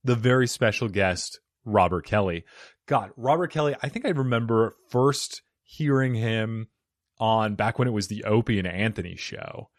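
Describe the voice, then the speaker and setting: Dude hosting a comedy podcast, jokey and hyped, dry close mic. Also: male voice, on the low side, lively intonation, normal speed, dry recording. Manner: joking, self-deprecating, hyped. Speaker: podcast host. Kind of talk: casual podcast intro and chat. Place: home studio in Arizona. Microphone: studio microphone.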